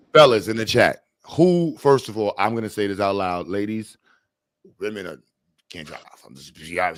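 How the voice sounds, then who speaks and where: A man's voice: lowish voice, a bit bright, no room sound. A man hosting a casual livestream chat, talking bluntly and rambling with jokes. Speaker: host.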